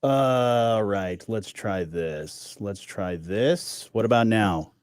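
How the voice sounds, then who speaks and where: A man's voice: on the low side, slow pace, a little mellow, clean tone. A man co-hosting a morning radio show, bantering casually in an upbeat, jokey, self-deprecating way.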